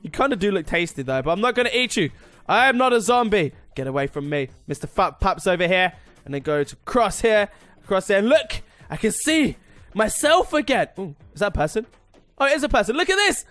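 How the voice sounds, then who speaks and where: A young man giving excitable, jokey commentary while playing a game, talking to the game and its maker as he goes. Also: high-pitched, brisk, no room sound. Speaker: gaming YouTuber. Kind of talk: casual gameplay commentary.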